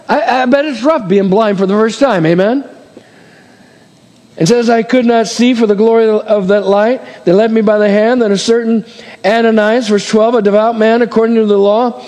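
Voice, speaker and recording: A man's voice: high-pitched, fairly even intonation, normal speed, a little mellow, big-room sound. A man preaching a sermon, reading scripture aloud and acting out the voices with dramatic swings and chuckles. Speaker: pastor.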